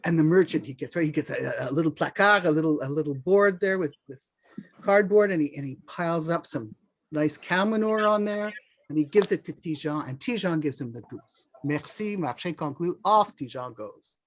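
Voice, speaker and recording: Animated storyteller, folk tale for adults, very lively pitch, mixes in French words. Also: normal speed. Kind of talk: oral folk-tale telling.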